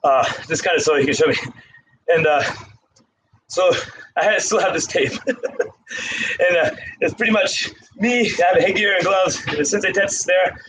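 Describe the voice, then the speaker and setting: Breathless man counting push-ups, high-pitched. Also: moderate pace, long pauses, noisy background. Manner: rambling, breathless counting between stories. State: out of breath from exercise. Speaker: karate instructor. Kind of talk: casual talk while doing push-ups.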